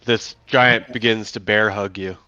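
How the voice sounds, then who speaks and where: Low-voiced man running a tabletop game. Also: steady tone, unhurried, bright, forceful tone, clean tone, no room sound, dull audio. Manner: casual, stop-start, full of fillers. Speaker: game master.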